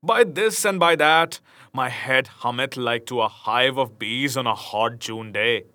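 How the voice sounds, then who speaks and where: Male reader doing a bold outlaw leader: hearty, raised voice, bright tone, old-fashioned speech. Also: medium pitch, a little slow, no echo.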